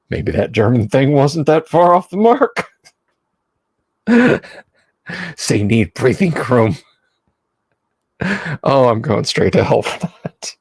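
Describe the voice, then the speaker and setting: A man's voice: medium pitch, no room sound. A man hosting a live stream, reading a game rulebook aloud and breaking off for wry, joking asides to his chat. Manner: wry, digressive, answers chat with jokes. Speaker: livestream host.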